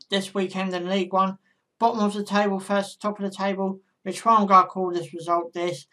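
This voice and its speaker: A woman's voice: mid-range voice, a bit bright. A woman vlogger giving casual football predictions in a chatty monologue, talking straight to her viewers.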